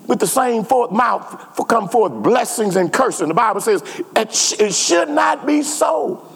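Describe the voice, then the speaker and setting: A man's voice: extremely high pitch, expressive, unhurried, gravelly, slightly rough. A man preaching a sermon as pastor, repeating phrases and calling out to his congregation. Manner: repetitive call-and-response preaching. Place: church sanctuary. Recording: long church reverb.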